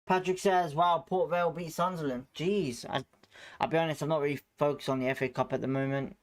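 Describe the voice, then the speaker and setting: A man with a slightly high voice hosts a live football watchalong. He runs excitable play-by-play and reacts loudly to the chances. Between plays he greets the chat viewers in a casual, friendly way. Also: a little fast. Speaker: watchalong host.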